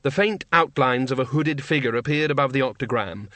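Male audiobook narrator, mid pitch, measured and wry, dry close studio read. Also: pushed and bright, no echo.

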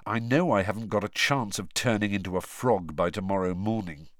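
A man's voice: on the low side, fairly quick, fairly bright tone, dry recording, clean studio sound, natural voice. A man voicing a tired teenage schoolboy in an audiobook, speaking wearily. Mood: weary. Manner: weary. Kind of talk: audiobook character voice.

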